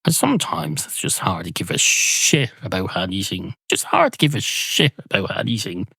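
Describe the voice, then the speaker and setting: A man's voice: on the low side, wildly swooping pitch, normal speed, creaky, sharp tone, slightly rough, no room sound, clean studio sound, full character voice. A man doing a glum, weary barman. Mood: resigned. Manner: mopey and resigned.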